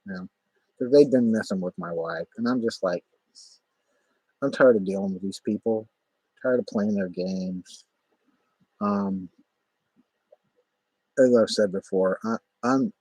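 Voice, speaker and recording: Man, low husky voice, rambling profane storyteller, dry close sound. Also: darkish tone, dry recording, low-quality recording. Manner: rambling, profane, many fillers. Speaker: vlogger. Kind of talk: casual spoken storytelling.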